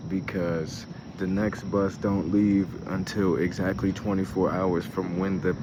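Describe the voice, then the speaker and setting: A man's voice: deep voice, background noise. A young man, hosting a casual travel vlog, rambling and swearing as he talks through his frustration and laughs at it. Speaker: show host.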